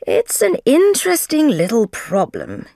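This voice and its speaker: A woman voicing a calm, clever male detective in a slow storybook reading, measured and low-keyed. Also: no echo, studio quality, heavily acted.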